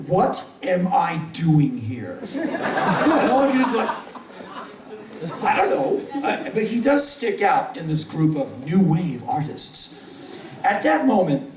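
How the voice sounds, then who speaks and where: A middle-aged man telling rapid, animated anecdotes on stage in front of a live audience, acting out other people's lines. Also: high-pitched, slight background noise. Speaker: spoken-word performer. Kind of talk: live spoken-word storytelling. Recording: echoey hall, mic from a distance.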